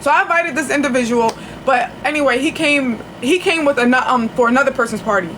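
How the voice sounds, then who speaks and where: A woman's voice: high-pitched, fast talker, a bit bright, slight background noise. A woman telling a long story on a casual livestream, chatty and profane, with frequent restarts. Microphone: phone.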